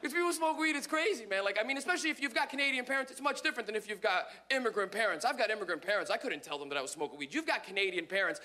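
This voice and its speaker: A man telling animated stand-up stories on stage. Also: high voice, very fast, few pauses. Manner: animated storytelling. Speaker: stand-up comedian. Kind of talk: stand-up comedy.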